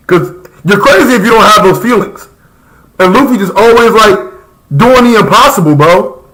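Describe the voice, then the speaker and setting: A man's voice: sits high, lively intonation, moderate pace, fairly bright tone, rough recording. A young man chatting casually and passionately as a live reaction streamer, rambling in slang.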